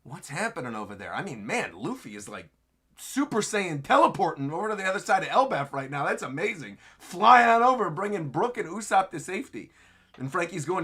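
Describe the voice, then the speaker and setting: Bright, lively man hosting a reaction stream. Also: on the high side, a little fast, breathy edge. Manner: enthusiastic, chatty, laughs often. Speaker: livestream host reacting to manga chapters. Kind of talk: live reaction commentary.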